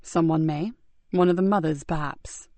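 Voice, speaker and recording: Woman doing a calm, pensive male sergeant. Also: deep voice, no echo, natural voice. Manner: measured and pensive. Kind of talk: audiobook character voice.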